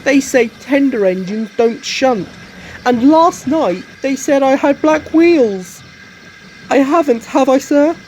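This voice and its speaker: A man voicing a gentle, good-natured male tank engine in a storybook reading, pushing his voice high and plaintive. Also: wildly swooping pitch, unhurried, few pauses, heavily acted. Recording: noisy home recording.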